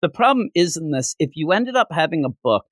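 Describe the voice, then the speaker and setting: A man's voice: a little high, very animated, brisk, no echo. A man co-hosting a comics podcast in a casual, profane rant, often mimicking characters mid-sentence. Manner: ranting, profane, mimics characters in silly voices. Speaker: podcast co-host. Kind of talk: casual comic review chat.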